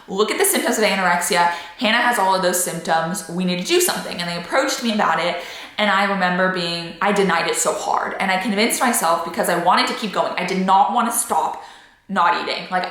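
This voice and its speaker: A woman's voice: medium pitch, fairly bright tone, heavy reverb. A young woman vlogger telling a personal story to camera, candid and chatty with lots of "like" fillers.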